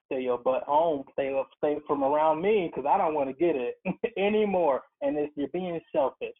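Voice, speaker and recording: A man's voice: fairly high pitch, expressive, moderate pace, gravelly. A man calling in as a guest, telling his story in an earnest, emphatic way. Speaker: guest, occupational therapist. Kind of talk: casual interview by phone. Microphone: phone call. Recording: tinny phone line.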